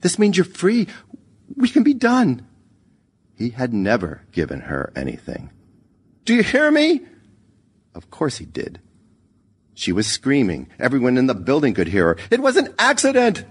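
A man's voice: low-pitched, expressive, moderate pace, husky, exaggerated voice. A man voicing a frantic young woman who pleads and then screams at a ghost. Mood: screaming.

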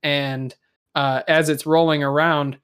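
Man narrating a story with many pauses. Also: on the high side, little pitch movement, fairly bright tone, smooth. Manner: halting, many ums and searches for words. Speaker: improv storyteller. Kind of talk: casual improvised storytelling.

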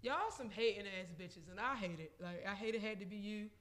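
High-voiced ranting man. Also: brisk, sharp tone. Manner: emphatic, profane ranting. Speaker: podcast co-host. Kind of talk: casual chat.

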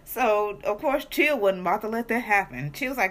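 A woman's voice: medium pitch, animated, normal speed, fairly bright tone. A woman co-hosting a podcast, telling a story in laid-back, profane casual chat. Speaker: podcast co-host.

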